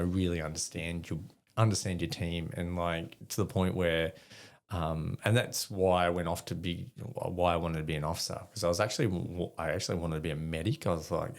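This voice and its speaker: An Australian podcast guest with a low voice and vocal fry tells rambling, swear-filled stories in casual chat. He swears freely and spins anecdotes full of quoted dialogue.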